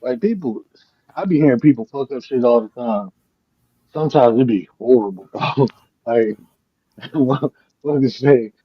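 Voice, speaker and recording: Man, husky and dry, relaxed profane storyteller for casual stream chat. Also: medium pitch, unhurried, pauses often, dry recording, highs cut off. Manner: laid-back, profane, laughs through stories.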